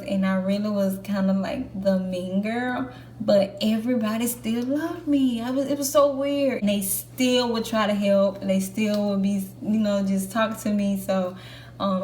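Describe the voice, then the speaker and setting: A young woman vlogging in a casual, candid chat to camera, with lots of fillers. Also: medium pitch. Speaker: Air Force trainee vlogger. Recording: echoey room with faint background hum.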